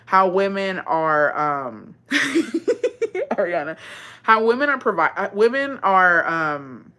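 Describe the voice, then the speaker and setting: A woman's voice: fairly low pitch, animated, takes it slowly, bright, forceful tone. A woman chatting casually and bluntly, swearing freely and dropping Spanish phrases into her talk. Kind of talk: casual chat.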